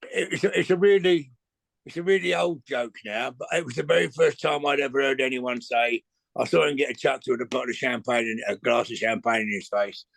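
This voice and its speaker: A man's voice: mid-range voice, fairly quick, vocal fry, fairly bright tone, no echo. A middle-aged man, telling rambling stories as a guest in a casual chat, swearing freely and often restarting his sentences.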